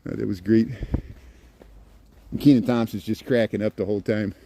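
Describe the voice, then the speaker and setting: A man's voice: lowish voice, steady tone, moderate pace, creaky, mellow. Rambling man vlogging on a night walk. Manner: rambling, chatty, many restarts. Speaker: walking vlogger. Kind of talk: casual walking commentary. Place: outdoors on city streets at night. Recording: faint street and traffic noise.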